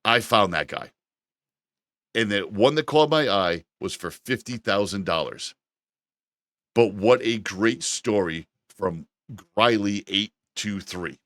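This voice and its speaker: A man co-hosting a casual podcast, telling an animated, exasperated story with frequent profanity. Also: fairly low pitch, a little slow, pauses often, no room sound. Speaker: podcast co-host. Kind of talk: casual chat.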